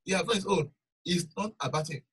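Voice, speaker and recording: A man's voice: high-pitched, fast talker, fairly bright tone, husky, recorded from a distance, poor audio. A man preaching a sermon and telling a personal testimony, emphatic and repeating phrases for stress.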